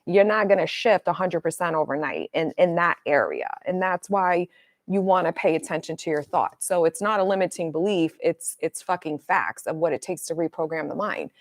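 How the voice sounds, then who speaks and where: Middle-aged woman coach, livestream chat, blunt and swears, slightly low voice, dry close sound. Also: moderate pace, no room sound. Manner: blunt, swears freely, animated storytelling. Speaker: manifestation coach. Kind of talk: casual livestream talk.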